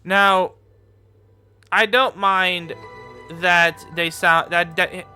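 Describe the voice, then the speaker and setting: A man giving casual reaction commentary, rambling and repeating himself with lots of fillers, and quick to laugh and get excited. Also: high-pitched, clean tone, soft background music. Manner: gets excited and laughs easily. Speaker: YouTube commentator.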